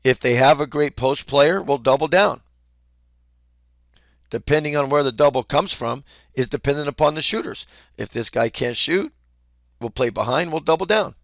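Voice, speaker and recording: A man coaching basketball, explaining defense casually and acting out the calls he yells courtside. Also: a little high, normal speed, no echo, clean studio sound. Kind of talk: instructional talk.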